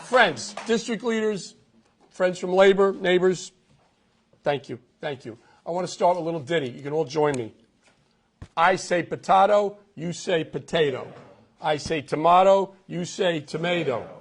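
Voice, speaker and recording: A man's voice: a little high, moderate pace. A middle-aged man with a New York accent giving a punchy campaign announcement speech, repeating lines for effect. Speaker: political candidate. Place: outdoors at a golf club event. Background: crowd.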